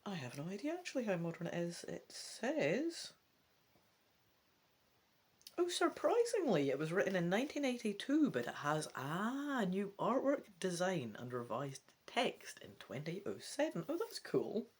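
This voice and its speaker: A woman's voice: mid-range voice, sing-song, measured pace, slightly rough. A Scottish woman reading a gamebook aloud, breaking off into cheeky, chatty asides to her viewers. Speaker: let's play reader.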